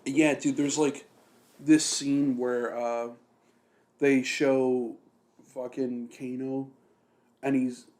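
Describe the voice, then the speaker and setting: A man's voice: medium pitch, little pitch movement, very slow, long pauses, a little mellow. Rambling, foul-mouthed young podcast guy. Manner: rambling, heavy swearing, lots of fillers. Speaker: podcast co-host. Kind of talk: casual chat.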